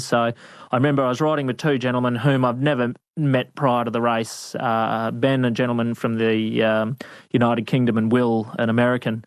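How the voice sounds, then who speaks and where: A man, a veterinarian being interviewed, telling adventure stories in a casual, animated way with lots of laughs and fillers. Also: mid-range voice, fairly quick, no room sound. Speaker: guest, veterinarian. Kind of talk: storytelling interview. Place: studio.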